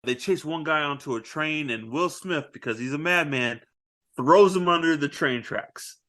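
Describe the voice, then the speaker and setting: A man co-hosting a casual movie podcast, retelling scenes with animated quoted lines and frequent laughter. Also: on the high side, normal speed. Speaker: podcast co-host.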